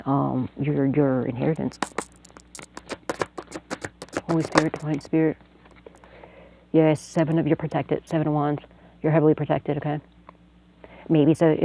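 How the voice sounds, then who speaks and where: A woman's voice: low-pitched, creaky, dark tone, low-quality recording. A woman telling a rambling, profane story and then giving a tarot reading, with lots of fillers. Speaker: tarot reader, channel host. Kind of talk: casual monologue and tarot reading.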